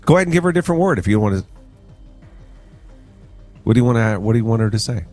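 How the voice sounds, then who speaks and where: A man's voice: fairly low pitch, expressive, racing, a little mellow, soft background music. A man hosting a morning radio show, joking with his co-host and running a call-in quiz. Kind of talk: casual radio banter.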